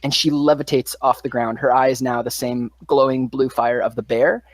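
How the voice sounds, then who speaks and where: A man's voice: mid-range voice, fairly even intonation, normal speed, no room sound. A man running a tabletop game as game master, narrating scenes vividly with loose fillers.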